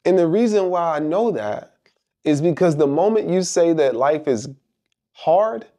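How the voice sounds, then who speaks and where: A man's voice: fairly high pitch, lively intonation, measured pace, warm tone. A middle-aged man giving a motivational monologue, emphatic and rhetorical, repeating phrases for effect. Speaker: motivational speaker.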